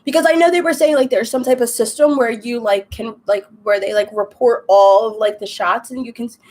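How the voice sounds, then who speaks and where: Young woman w a high voice, venting and rambling on her live stream, exasperated. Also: a little fast, darkish tone. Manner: ranting, exasperated, chatty. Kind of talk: casual chat while crafting.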